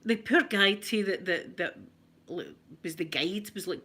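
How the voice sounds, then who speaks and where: A woman's voice: mid-range voice, normal speed, sharp tone, slight background noise. A middle-aged woman with a Scottish accent chatting through funny memories in a casual ASMR video, often laughing. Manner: chatty, giggly, anecdotal. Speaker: ASMR vlogger.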